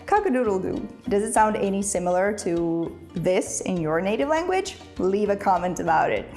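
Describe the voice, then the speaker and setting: A woman's voice: mid-range voice, lively intonation, moderate pace, a little mellow, faint music behind. A young woman whose first language is Ukrainian, teaching English in a playful, chatty video lesson and laughing often. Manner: playful, laughs often, imitates animal sounds.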